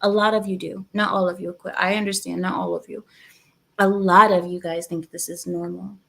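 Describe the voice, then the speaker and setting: A woman's voice: fairly low pitch, little pitch movement, moderate pace, gravelly, pushed and bright. A woman hosting her channel, giving emphatic, repetitive, lecturing commentary on a clip. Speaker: channel host reacting to clips. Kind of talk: opinionated commentary.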